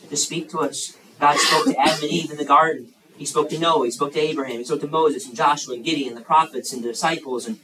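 A man's voice: a little high, echoey room, far from the mic, a little hiss or hum, poor audio. A man preaching to children at a youth camp, asking them questions and acting out the voices in the story. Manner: animated, acts out the story's voices, asks the kids questions. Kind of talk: sermon to children. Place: large room at a campground.

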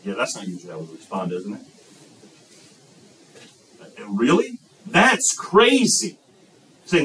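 A man preaching a sermon as pastor, lively and emphatic, breaking into excited shouts. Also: medium pitch, a little slow, pauses often, recorded from a distance, poor audio.

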